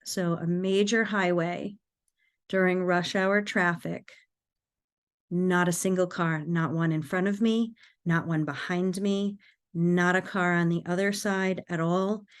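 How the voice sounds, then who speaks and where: A woman, a podcast guest, telling a personal story in an earnest, animated way. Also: lowish voice, a little slow, clear, resonant tone.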